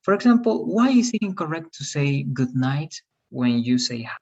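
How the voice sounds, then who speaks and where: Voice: medium pitch, sing-song, normal speed, a little mellow, husky, lo-fi sound. An English teacher on a video call, patiently correcting students' pronunciation and encouraging them. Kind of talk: online class feedback.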